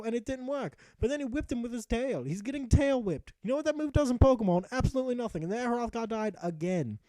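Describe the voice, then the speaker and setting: A man's voice: sits high, mellow, no room sound. A young man narrating a video game in a mock-epic style, sarcastic and profane, slipping into the hero's voice. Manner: sarcastic storyteller, swearing, quick voice shifts. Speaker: gaming commentator.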